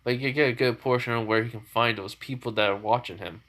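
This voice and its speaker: A man's voice: mid-range voice, steady tone, quick pace, fairly bright tone. A man casually improvising a story aloud, rambling with frequent fillers and self-corrections.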